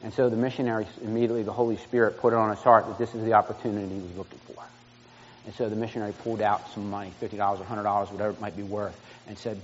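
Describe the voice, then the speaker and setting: A low-pitched man preaching in a church, earnest but halting, stopping and restarting often. His voice rings out with long reverb in a big hall. The recording sounds dull and lo-fi. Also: flat delivery, slight background noise. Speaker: pastor. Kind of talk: sermon. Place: church sanctuary.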